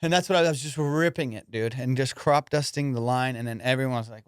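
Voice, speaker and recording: A young man, a comedian hosting his podcast, telling a profane, animated story. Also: mid-range voice, fast, hardly any pauses, smooth, no echo, studio quality. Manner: profane, animated, acts out voices. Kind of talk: casual storytelling.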